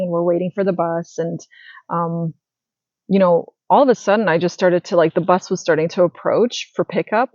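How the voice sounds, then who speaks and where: A woman's voice: fairly low pitch, darkish tone, no room sound, muffled recording. A woman in her thirties talking casually to camera as a spiritual wellness creator, chatty and rambling with many fillers and restarts.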